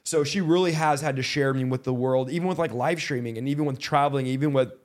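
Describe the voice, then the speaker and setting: A man hosting a podcast from a studio, talking quickly in a loose, rambling way. He leans on fillers and restarts, and gets emotional at times. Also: medium pitch. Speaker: podcast host, preacher. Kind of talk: casual chat with his wife.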